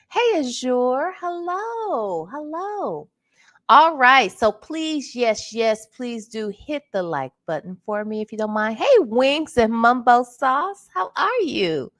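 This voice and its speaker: A slightly hoarse woman hosting a casual late-night livestream, chatty and greeting viewers by name, calling them honey. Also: sits high, a bit bright. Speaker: livestream host.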